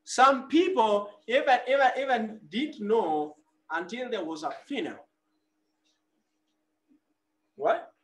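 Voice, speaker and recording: Male preacher, very high-pitched, bright and forceful, quizzes the congregation as he goes. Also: expressive, takes it slowly, long pauses. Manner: preaching with call-and-response questions. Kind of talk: sermon.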